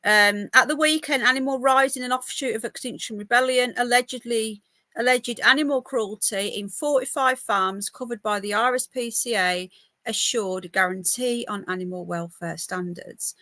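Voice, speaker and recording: Brief: woman, chatty home podcast host, bright, slightly high voice, dry close laptop sound, rambling and easily sidetracked. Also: normal speed, dry recording. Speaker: podcast host reading news. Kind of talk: casual live news chat. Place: home by a window. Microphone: laptop mic.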